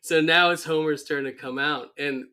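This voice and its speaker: A man's voice: on the high side, normal speed. A man co-hosting a podcast, chatting casually about a cartoon episode, acting out quotes and laughing often. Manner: animated, acts out character quotes, laughs often. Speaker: podcast co-host.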